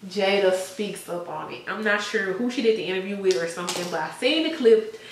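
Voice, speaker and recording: A woman's voice: medium pitch, animated, a little fast, recorded from a distance, a little hiss or hum. A woman vlogger in casual gossip chat, laughing often and trailing off with "I don't know.". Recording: very echoey room, voice off-mic.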